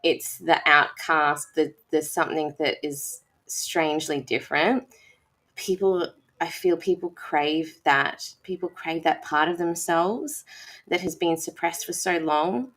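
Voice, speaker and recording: A woman's voice: deep voice, measured pace, fairly bright tone. A woman, a teacher, talking enthusiastically in a casual conversation and rambling as she searches for words.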